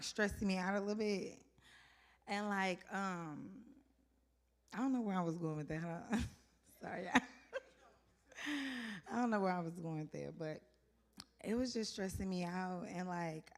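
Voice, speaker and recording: A woman talks to the crowd at an open mic in a loose, rambling stand-up set. Her voice sits at a middle pitch, and her delivery is chatty and unpolished. She keeps losing her thread and laughing at herself. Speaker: stand-up comedian. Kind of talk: casual rambling stand-up comedy. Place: open mic venue stage.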